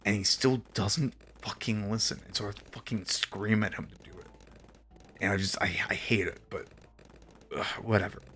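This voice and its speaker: A man's voice: lowish voice, steady tone, normal speed, a bit bright. A young man streaming, telling a story casually with exasperated, profane asides.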